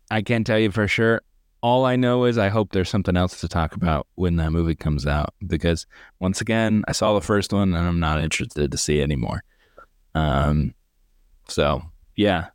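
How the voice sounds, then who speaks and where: A deep-voiced man talks through a film review in a loose, rambling way, full of sarcastic asides. His voice is smooth and clean, and the recording is dry, with no room sound. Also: no echo. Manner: rambling, sarcastic, mimics characters in mocking voices. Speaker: podcast co-host. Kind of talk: casual movie review chat.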